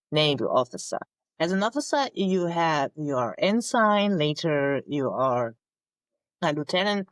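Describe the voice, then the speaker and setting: A woman, a naval officer telling her story in English as a guest, halting as she searches for words. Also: on the low side, no echo, low-quality recording. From Germany. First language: German. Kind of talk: conversational interview storytelling.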